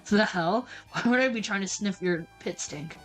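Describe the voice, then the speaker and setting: A woman voicing a stern, driven male police detective in a video game, speaking curtly and gruffly. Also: medium pitch, moderate pace, fairly bright tone, soft background music, natural voice. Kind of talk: reading a video game aloud.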